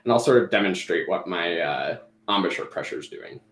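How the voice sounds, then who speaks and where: A man's voice: sits low, expressive, a little fast, fairly bright tone, roomy sound. A man teaching clarinet in a live-streamed lesson, explaining each step as he demonstrates.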